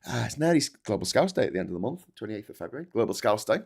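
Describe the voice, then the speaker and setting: A man's voice: lowish voice, big pitch swings, racing, gravelly, darkish tone, breathy edge. Scouse bloke ranting casually on his stream, restarts a lot, sarky and sweary. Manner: rambling, sweary, sarcastic, many restarts. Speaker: host of a livestream news chat. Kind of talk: casual livestream commentary reading super chats.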